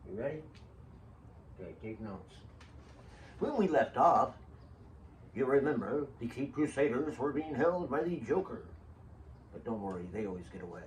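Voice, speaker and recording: Man, mid-pitched voice, casual rambling storyteller, joking asides, distant mic, faint background hiss. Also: big pitch swings, normal speed, pauses often. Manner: chatty, digressive, joking asides to the audience. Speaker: show host.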